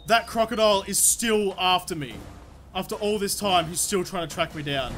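Bright, high, swearing young gamer man. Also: a little fast, soft background music. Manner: excitable, swears constantly, talks to the game's creatures. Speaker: let's play host. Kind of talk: live gameplay commentary.

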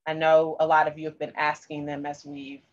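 Low-voiced woman presenting online. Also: completely flat delivery, fairly quick, lo-fi sound. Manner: casual, with fillers. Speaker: presenter of a parent workshop.

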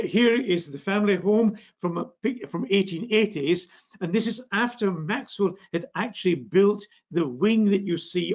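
An older Scottish physics lecturer with a northeast Scottish accent gives a genial public science lecture, full of fillers and restarts. His voice is a little high with vocal fry, and the recording's highs are cut off.

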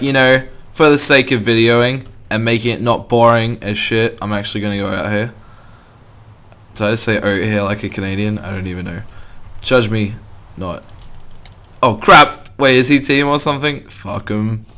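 A young man chatting his way through a gameplay session, loose and self-mocking, with the odd curse. His voice sits a little low but comes across bright and forward. Keyboard typing clicks away behind him. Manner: chatty, swears and laughs at himself. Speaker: gaming video host. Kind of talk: casual gameplay commentary.

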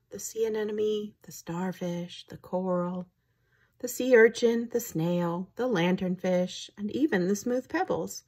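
A woman reading a picture book aloud to children, pausing to ask them questions. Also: mid-range voice, a little mellow, breathy edge. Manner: engaging, asks the listeners questions.

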